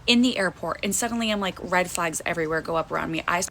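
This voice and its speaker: A young woman telling a frightening personal story in a tense, fast retelling that acts out the quotes. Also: lowish voice, fairly bright tone, a little hiss or hum. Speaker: guest. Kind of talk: casual storytelling.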